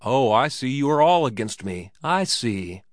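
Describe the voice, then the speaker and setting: A man's voice: mid-range voice, sing-song, a little slow, dry recording, studio quality. Man voicing a terrified Swedish guest. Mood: mocking. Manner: quavering, pleading, rising to shouts. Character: frightened, agitated Swedish man, a hotel guest.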